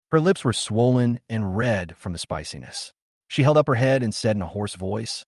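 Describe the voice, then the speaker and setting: A man narrates a scripted drama story in a steady storytelling manner. His voice sits low and swings widely in pitch. The recording is close and dry, with no room sound. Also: moderate pace, no echo.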